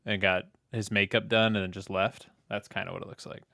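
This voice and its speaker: Young male co-host, easygoing and laughing, bright low voice, dry sound. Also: level tone, brisk, gravelly, no room sound. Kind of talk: casual chat reviewing a movie.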